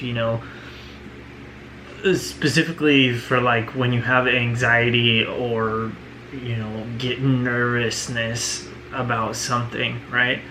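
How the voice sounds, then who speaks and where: A man's voice: medium pitch, pushed and bright, slight background noise, rough recording. A man talking earnestly in a personal vlog, leaning on "you know" and "right?" as he reflects. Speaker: vlogger.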